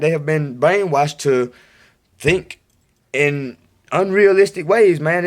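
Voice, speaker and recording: A man giving a casual, rambling monologue to his viewers in a home recording, insistent and repeating himself. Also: a little high. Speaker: video blogger.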